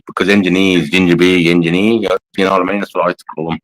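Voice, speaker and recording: A blunt, matey Australian man of middle age hosting a livestream chat. His voice sits very low and deep, and he swears freely and calls everyone mate as he reads out comments. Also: fairly even intonation, racing, low-quality recording. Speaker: livestream host, army veteran.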